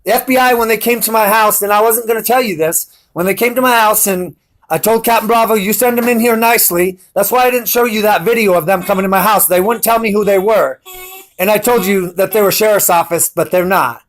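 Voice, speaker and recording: Vlogger, male, high and bright voice, defiant and rambling, intense delivery. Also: a little fast. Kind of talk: rambling monologue to camera.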